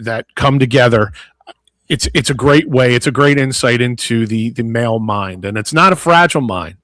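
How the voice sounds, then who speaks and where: A man's voice: medium pitch, no room sound, low-quality recording. A man from South Philadelphia with a Philadelphia accent, hosting a casual panel talk and speaking earnestly with many restarts. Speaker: podcast host.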